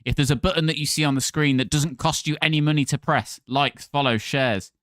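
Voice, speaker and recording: A man's voice: fairly high pitch, fairly even intonation, a little fast, a bit bright, dry recording, studio quality. Chatty man streaming games. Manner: chatty, thanks followers by name. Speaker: livestream gaming host. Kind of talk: casual livestream chat with viewers.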